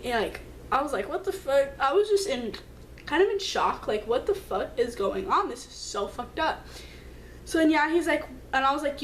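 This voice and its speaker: A young woman with a high, somewhat bright voice tells a personal story straight to camera in a storytime vlog, with a faint hiss beneath her. Hurt, upset and keyed up, she is emphatic and swears a lot, leaping higher in pitch as she acts out the texts.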